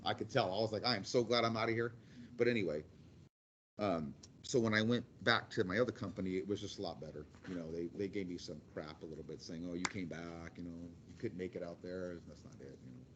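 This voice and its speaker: Blunt, quick-talking construction manager in his forties, guest speaker, lo-fi sound. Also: low voice, a bit bright, slight background noise. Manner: rambling, blunt, quick with repeated restarts. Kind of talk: casual storytelling to a class.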